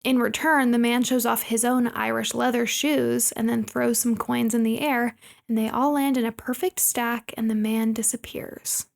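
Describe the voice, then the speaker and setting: A woman co-hosting a movie podcast, running through the plot in casual chat. Her voice sits a little high and carries a gravelly fry. She keeps the recap brisk and drops in playful asides. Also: fairly even intonation. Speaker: podcast co-host.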